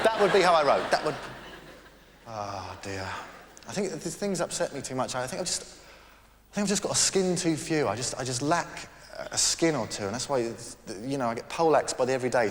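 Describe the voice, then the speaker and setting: A man doing live stand-up on a theatre stage, rambling and self-deprecating with halting restarts. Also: medium pitch, expressive, a little hiss or hum. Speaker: stand-up comedian. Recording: echoey theatre with crowd. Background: audience laughter.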